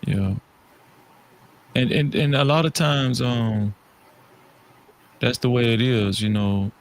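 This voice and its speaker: A man with a mid-range voice talks casually on a podcast. He is relaxed and thoughtful, and he often restarts his sentences and leans on "you know" as he works through his ideas. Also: medium pitch, slow, a little hiss or hum. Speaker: podcast co-host. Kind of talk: casual chat. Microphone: studio microphone, podcast setup.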